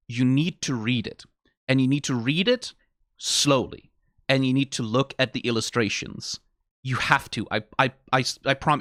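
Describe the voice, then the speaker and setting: Lively rambling man streaming a reaction. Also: mid-range voice, dry recording, clean studio sound. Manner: rambling, emphatic, repeats himself, swears casually. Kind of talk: casual streamed reaction talk.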